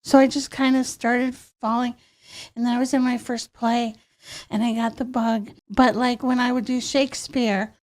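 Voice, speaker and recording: Woman, very high childlike voice, animated storyteller, studio interview guest. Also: moderate pace. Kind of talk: casual interview chat.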